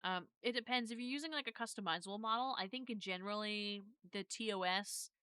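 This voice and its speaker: A woman's voice: mid-range voice, fairly quick, bright, forceful tone, smooth, dry recording, clean studio sound. A woman streamer in casual live chat, explaining a process in a rambling way, often correcting herself. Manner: rambling, self-correcting, thanks viewers. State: has hiccups.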